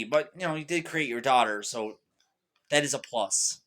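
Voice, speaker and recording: Rambling bright-voiced young man. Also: mid-range voice, normal speed. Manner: rambling, agitated, with many restarts and fillers. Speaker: vlogger. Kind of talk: rambling monologue to camera.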